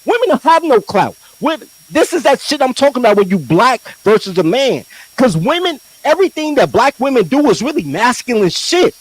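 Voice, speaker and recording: A man's voice: extremely high pitch, sing-song, a little fast, hardly any pauses. A man co-hosting a podcast, arguing bluntly and provocatively in a heated casual debate, acting out quoted voices. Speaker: podcast co-host.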